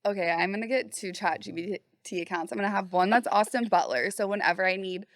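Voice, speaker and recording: A young woman co-hosting a podcast, chatting in an animated, gushing way. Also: mid-range voice, quick pace, no echo, studio quality. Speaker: podcast co-host. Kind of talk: casual chat.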